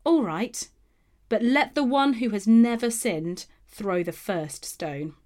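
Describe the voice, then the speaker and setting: A woman voicing Jesus as a calm male teacher in an earnest, measured Bible reading. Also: fairly high pitch.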